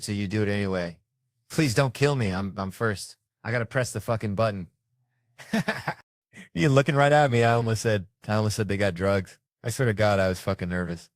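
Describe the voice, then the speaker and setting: A man with a fairly low voice tells stand-up stories, swearing and jumping into the voices of the people in them. The sound is dry and close, with almost no room around it. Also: dry recording. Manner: loud, swearing, acting out characters. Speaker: comedian. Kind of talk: stand-up storytelling.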